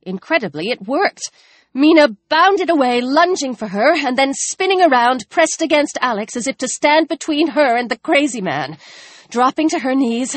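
Woman reading a tense novel out loud, dramatic, kinda high voice, dry mic. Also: dry recording. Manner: tense, dramatic, drops low for grim moments. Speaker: narrator. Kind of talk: audiobook narration.

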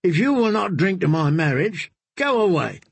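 A merry, drunken young singer with a pitched-up, husky voice, as a man puts him on for an audiobook. He talks in a loose, teasing swagger, close and dry. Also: very animated, moderate pace, no echo, exaggerated voice. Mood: tipsy boastful.

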